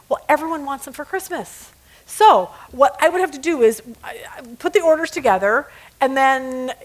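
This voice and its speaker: A high-pitched, middle-aged woman leads a women's Bible study. She tells stories, acts out quotes and laughs at her own jokes.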